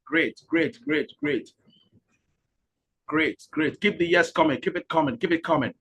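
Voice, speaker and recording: A man hosting a live webinar, energetic and repetitive, urging the audience to type into the comments. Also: a little high, unhurried, vocal fry, breathy edge, lo-fi sound. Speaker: webinar host and speaker.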